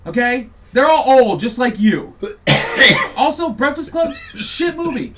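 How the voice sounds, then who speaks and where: A man's voice: extremely high pitch, sing-song, unhurried, far from the mic, slight background noise. A man hosting a podcast, launching into a heated, profane, mocking political rant. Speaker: podcast host.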